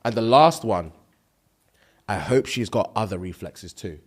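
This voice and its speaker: Laughing, animated male podcast co-host. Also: on the low side, a little slow. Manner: animated, reads comments aloud and laughs often. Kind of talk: casual chat.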